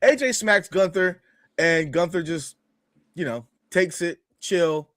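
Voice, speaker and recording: A man's voice: high-pitched, fairly bright tone, dry recording, clean studio sound. A man co-hosting a wrestling review, chatting casually, often stopping to restart and laughing easily. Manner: halting, with frequent restarts and easy laughter. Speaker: podcast co-host reviewing wrestling.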